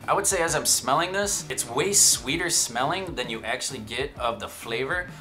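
A man's voice: medium pitch, lively intonation, normal speed, over music. A man giving a casual whiskey tasting review, chatty and self-amused, with joking asides. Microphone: shotgun microphone.

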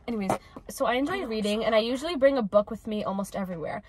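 A woman's voice: on the high side, rapid-fire, a little mellow, a little hiss or hum. A nineteen-year-old woman chatting casually and reading stories aloud in a dramatic, giggly way. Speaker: host.

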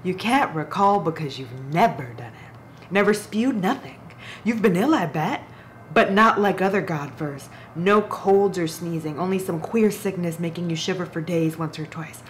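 A woman reading the lines of a sly, grimy rat-king man in a low, hushed, conspiratorial voice. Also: normal speed, a little hiss or hum, natural voice.

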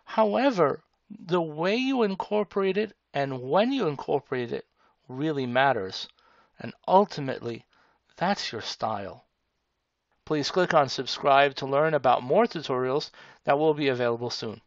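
Man, speaking instructor, lively pitch, dry dull recording. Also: dry recording. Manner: slow, deliberate, demonstrative. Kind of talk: tutorial explanation. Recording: dull lo-fi sound.

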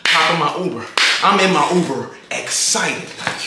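Young man, high animated voice, hyped slangy storytelling, echoey room. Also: moderate pace, very noisy. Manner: hyped, slangy, keeps asking "you feel me". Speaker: vlogger telling a story. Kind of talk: casual storytime monologue. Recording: roomy echo.

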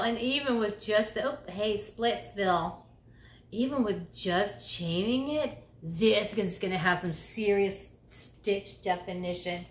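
A grandmother in her fifties chatting casually about crochet, excitable and exclaiming, sometimes dropping to a whisper. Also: fairly high pitch, unhurried, reverberant. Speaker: crochet vlogger. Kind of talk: casual chat. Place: bedroom, indoors.

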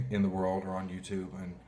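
Man, pastor, low voice, emotional sermon, faint background noise. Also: completely flat delivery, warm tone. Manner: heartfelt, halting, clears throat often.

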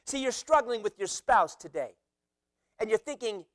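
Guy preaching a sermon, pretty high voice, lively, shouts out the quotes, dry close sound. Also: moderate pace, dry recording. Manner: animated preaching, acting out quotes with sudden loud shouts. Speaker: pastor.

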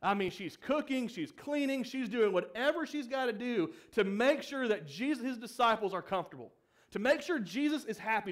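A young man preaching a sermon as pastor, asking the congregation questions and acting out the quoted lines of the story. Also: very high-pitched. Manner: acts out quoted pleas with rising emphasis.

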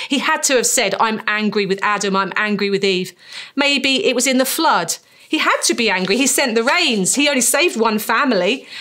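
British woman, preacher, sermon, fairly high-pitched, emphatic. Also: fairly bright tone. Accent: British English. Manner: emphatic, slows down to stress key phrases.

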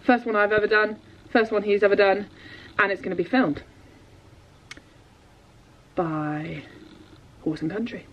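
A young woman, a dressage rider and vlogger, chatting in an excitable, rambling way to her viewers. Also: medium pitch, unhurried, long pauses, slight background noise. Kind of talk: casual vlog chat. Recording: dull lo-fi sound.

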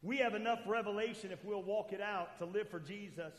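A man preaching a sermon as pastor, swinging between loud calls to the church and quiet asides. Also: high-pitched, fairly quick. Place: church sanctuary. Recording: echoey church hall.

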